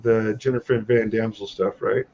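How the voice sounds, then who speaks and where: A man's voice: lowish voice, flat delivery, normal speed, vocal fry, darkish tone, lo-fi sound. A man, a guest comic artist, chatting casually and laughing on a live stream.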